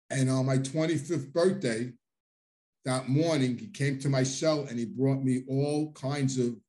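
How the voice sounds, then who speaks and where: A man's voice: medium pitch, a little mellow. A middle-aged man telling his own life story in a loose, rambling way, full of restarts and plain street talk. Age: middle-aged or older. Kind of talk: casual storytelling monologue.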